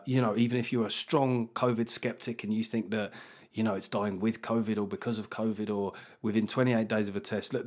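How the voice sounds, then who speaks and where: A middle-aged man hosting a comedy podcast alone, talking in a sweary, self-mocking way with animated asides. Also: fairly low pitch. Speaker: podcast host. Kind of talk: solo comedy podcast monologue.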